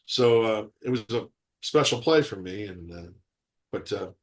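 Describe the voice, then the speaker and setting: A man in his sixties, an actor being interviewed over a video call, telling stories in a rambling, animated way and laughing often. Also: fairly low pitch, unhurried.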